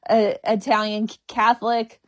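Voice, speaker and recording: A woman comedian talks candidly and with humor, often stuttering on the first sounds of words. Her voice sits a bit high, and she speaks slowly. The sound is close and dry, with no room echo. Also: level tone. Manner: frank and humorous. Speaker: comedian guest. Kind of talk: candid interview conversation.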